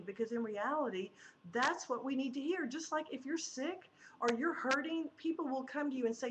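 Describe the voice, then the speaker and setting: A woman hosting a talk show, agreeing emphatically and giving gentle advice. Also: high voice, expressive, normal speed. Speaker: host. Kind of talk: casual talk show chat. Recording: noisy background hiss.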